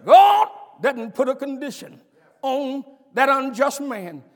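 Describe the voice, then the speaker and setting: An older man delivers a sermon in a strikingly high voice, the sound ringing out with a long reverb through a large hall. He stammers and repeats words, climbs into shouts, and checks in with the congregation in call-and-response fashion. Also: big pitch swings, slow pace, creaky. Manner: preacher's call-and-response, repeated "am I right about it". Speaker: pastor.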